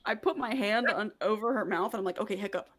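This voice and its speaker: A woman's voice: mid-range voice, brisk, a bit bright. A woman playing a tabletop game, playful and asking questions. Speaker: player.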